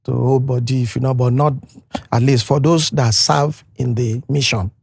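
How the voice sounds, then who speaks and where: A man's voice: medium pitch, moderate pace, vocal fry, breathy edge, dry recording, clean studio sound. An older Nigerian man with a Nigerian accent, a guest in a podcast conversation, speaking emphatically and telling stories with animation. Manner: emphatic, animated storytelling, mimics others.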